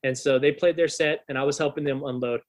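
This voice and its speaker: A man's voice: fairly high pitch, fairly even intonation, quick pace. A young adult man, a guest on a podcast, telling a long profane anecdote in a casual, rambling way with lots of restarts. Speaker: podcast guest and rock musician.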